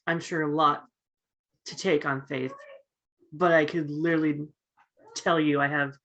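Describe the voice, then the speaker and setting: A woman's voice: sits low, a bit bright, dull audio. A woman playing a character in a tabletop game, talking earnestly and rambling with restarts. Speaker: player. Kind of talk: in-character tabletop role-play.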